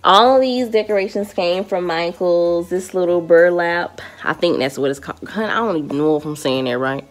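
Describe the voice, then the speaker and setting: A woman's voice: lowish voice, normal speed, faint music behind. A woman in her late twenties chatting playfully with viewers while giving a home tour of her living room, filmed on a handheld camera. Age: late 20s. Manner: chatty, playful, addresses viewers as y'all and baby. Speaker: vlogger. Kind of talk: casual home-tour vlog. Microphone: handheld camera with ring light, moving around.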